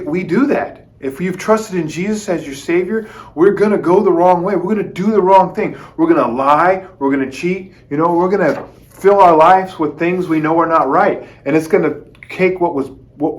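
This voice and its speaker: Male kids' Bible teacher, slightly high voice, animated storyteller who talks directly to the children. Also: normal speed. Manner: lively, addresses kids as "guys", acts out quotes. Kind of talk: storytelling Bible lesson for kids.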